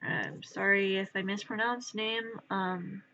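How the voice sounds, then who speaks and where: Woman, live-stream chat, unhurried, distracted, mutters to herself, lo-fi audio, faint hiss. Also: medium pitch. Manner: distracted, rambling, chats to viewers while crafting; mutters softly to herself while working. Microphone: wearing headphones.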